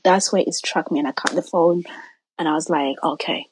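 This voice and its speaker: Woman telling a personal story, husky. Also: deep voice, brisk, dry recording, poor audio. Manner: animated retelling, acting out quoted voices, drops to near-whispers. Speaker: guest.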